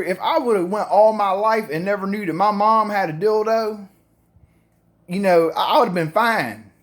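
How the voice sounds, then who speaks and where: A middle-aged man, telling a family story casually in a profane, rambling way full of fillers. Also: high-pitched.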